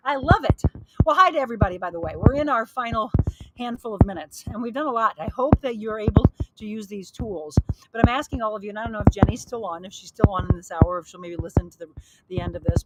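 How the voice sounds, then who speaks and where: A woman fitness coach and host, slightly out of breath, energetically demonstrating a workout outdoors by a pool and encouraging viewers while reading their comments. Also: a little high. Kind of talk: live workout demo and motivational talk. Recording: loud background noise with clicks.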